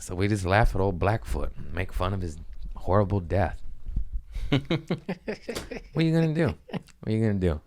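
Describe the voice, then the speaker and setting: A young man talking in a casual comedic monologue, joking and swinging into loud character voices. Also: low-pitched, lively intonation, moderate pace, pauses often. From Mexican-American family. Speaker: comedian podcast host.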